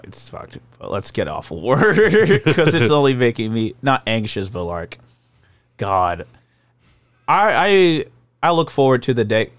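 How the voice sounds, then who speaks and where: Casual chat, man, swears a lot, animated, dry close sound. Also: fairly low pitch, no echo. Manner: profane, animated, laughs often. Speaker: restaurant worker and comedian.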